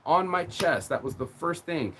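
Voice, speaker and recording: A man's voice: on the high side, normal speed, a bit bright, a little hiss or hum. A man ranting on a live stream in a rambling, emotional way, swearing often and repeating his words. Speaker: livestreamer. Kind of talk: casual rant on a live stream.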